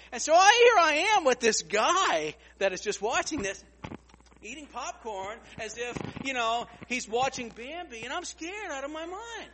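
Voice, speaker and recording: A man's voice: very high voice, very animated, a little slow, fairly bright tone, long reverb tail. A man preaching a storytelling sermon, repeating words as he goes and acting out other people's lines.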